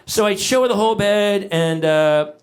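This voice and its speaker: A middle-aged man performing stand-up comedy on stage, telling stories in an animated, exaggerated way with shouted punchlines and laughter from the audience. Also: high voice, normal speed, soft background music.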